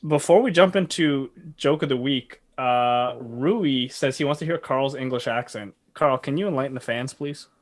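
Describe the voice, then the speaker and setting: A man's voice: mid-range voice, normal speed, few pauses. A man hosting a podcast, upbeat and laughing a lot in casual chat. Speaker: podcast host.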